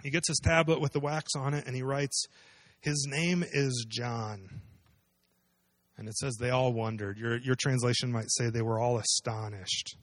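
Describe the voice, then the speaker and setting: A man's voice: mid-range voice, fairly even intonation, brisk, hardly any pauses, no echo, studio quality. A man preaching a sermon, explaining a scripture passage in a conversational way and asking his listeners questions. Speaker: pastor.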